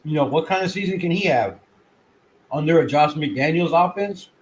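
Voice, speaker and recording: A man hosting his own fan channel, giving casual sports commentary in an excitable, rambling way with plenty of swearing, at times talking while chewing. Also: a little high, normal speed, a little hiss or hum, poor audio. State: chewing food.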